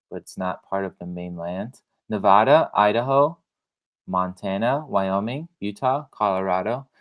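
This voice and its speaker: Male teacher with a low voice, casual and chatty, lots of fillers and restarts. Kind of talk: recorded classroom lesson.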